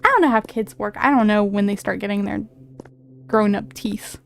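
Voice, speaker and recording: A woman's voice: mid-range voice, moderate pace, vocal fry, a bit bright, a little hiss or hum. A woman streaming a video game, talking in chatty, rambling casual commentary full of fillers.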